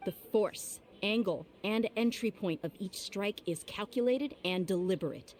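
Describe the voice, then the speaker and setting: A woman's voice: mid-range voice, unhurried, darkish tone, slight background noise, lightly acted. An actress voicing a confident young swordswoman and mercenary in a video game, who speaks bluntly. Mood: steady. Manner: blunt and self-assured. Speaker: professional fighter.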